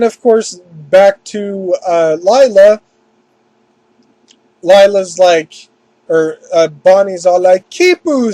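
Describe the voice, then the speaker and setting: High-voiced man rambling through a review. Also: warm tone, dry recording, rough recording. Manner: rambling, with restarts and mock quoted voices. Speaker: anime reviewer. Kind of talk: casual spoken review.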